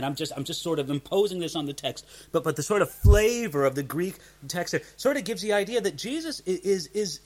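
A man teaching a Bible passage verse by verse, earnest, often repeating words as he starts a sentence. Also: high voice.

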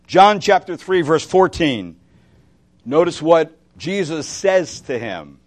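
Pastor, male, sermon; slightly high voice, impassioned, swings loud to hushed, questions the listeners. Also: very animated, takes it slowly. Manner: asks the listeners direct questions.

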